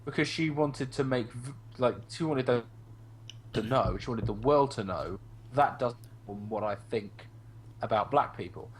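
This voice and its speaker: A man's voice: medium pitch, normal speed, slight background noise. A man in a casual online group discussion, talking heatedly with swearing and mocking the voices of people he argues against. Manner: heated, profane, mimics opponents in mocking voices.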